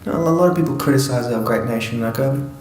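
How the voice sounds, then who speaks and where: A man's voice: mid-range voice, racing, darkish tone, roomy sound, slight background noise, poor audio. A man from Afghanistan telling his life story to an audience in an earnest, reflective way, with touches of humor.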